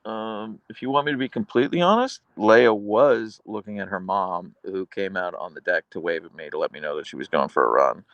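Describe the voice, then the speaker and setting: A man's voice: low voice, brisk, hardly any pauses, a bit bright, dry recording, dull audio. A man live streaming from his phone on an outdoor couch, reading chat aloud in a wry, rambling way.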